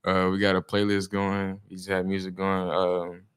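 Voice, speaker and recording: A young man, a football player, talks in a low, even, smooth voice. His speech is relaxed and informal, full of "we be" phrasing and hesitations. The pitch stays flat and steady. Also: moderate pace. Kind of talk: casual interview chat.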